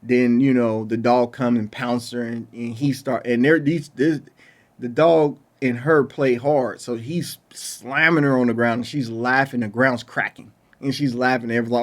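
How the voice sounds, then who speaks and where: A man in the middle of a casual film review, plainly fed up with what he saw. His speech is loose and colloquial, and he stumbles and restarts as he builds his complaints. His voice sits at an ordinary middle pitch for a man. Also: steady tone, moderate pace. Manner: exasperated, ranting with frequent restarts. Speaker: movie reviewer.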